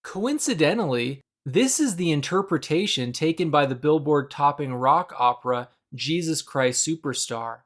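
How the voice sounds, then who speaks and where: A young adult man giving a measured, scripted explainer narration about a Bible passage, now and then acting out quoted lines. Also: on the high side, expressive. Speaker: Bible video presenter.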